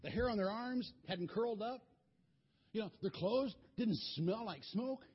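A man tells a children's Bible story in an animated, folksy way, often stumbling over and repeating words. His fairly high, breathy voice leaps around in pitch. The recording is dull and lo-fi. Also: measured pace.

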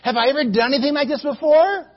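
A man voicing a soft-spoken talking donkey. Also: very high-pitched, quick pace, muffled recording, pitched above the performer's own voice. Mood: pleading. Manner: soft, pleading. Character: talking donkey, patient and reasonable.

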